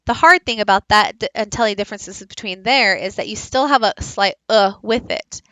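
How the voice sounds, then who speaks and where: A woman giving a recorded teaching presentation, explaining slowly and modelling speech sounds aloud. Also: mid-range voice, sharp tone, muffled recording. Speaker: teacher leading a book study.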